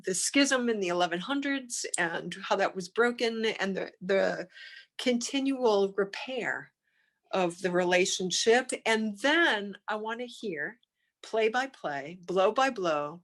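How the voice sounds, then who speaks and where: Woman host, very slow delivery, hesitant as she asks questions. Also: medium pitch, expressive, a bit bright. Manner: halting, hesitant phrasing. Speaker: podcast host. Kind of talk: interview questions.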